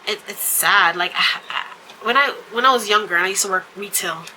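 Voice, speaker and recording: Bright-voiced woman chatting to camera. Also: medium pitch, fairly quick, slight background noise, rough recording. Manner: chatty storytelling with frequent fillers and laughs. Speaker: vlog host. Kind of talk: casual talk to camera.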